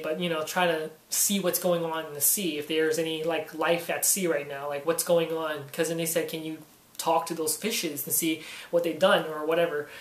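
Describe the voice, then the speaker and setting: A man's voice: a little high, a bit bright. A man giving a casual spoken comic book review, rambling and leaning heavily on "you know" fillers. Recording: roomy echo.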